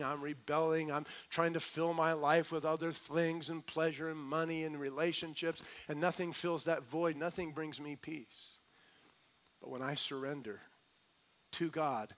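A middle-aged male pastor preaching a sermon, building to emphatic points and then dropping soft and low. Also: flat delivery, unhurried.

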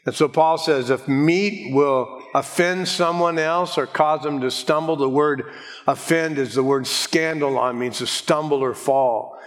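A man preaching an expository sermon as pastor. He explains calmly and slows down to stress key words. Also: fairly high pitch, big-room sound. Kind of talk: expository Bible teaching sermon.

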